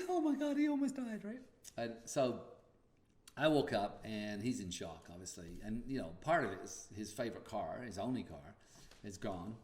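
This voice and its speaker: A man's voice: medium pitch, roomy sound. A man hosting a podcast, telling a personal story in a casual way and acting out the dialogue. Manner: animated, acts out dialogue. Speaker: podcast host.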